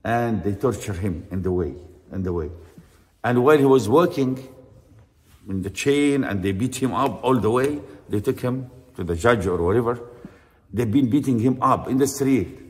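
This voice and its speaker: A man's voice: medium pitch, animated, moderate pace, darkish tone, long reverb tail. A man with an Arabic accent preaching a storytelling sermon, acting out the characters in his tale and reciting Arabic verses.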